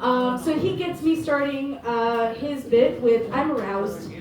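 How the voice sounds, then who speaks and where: Female comedy MC, hesitant, lots of ums, high voice, echoey pub, distant mic. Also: slow, a crowd in the background. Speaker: comedy night MC. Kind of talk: stage introduction. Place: small pub comedy night.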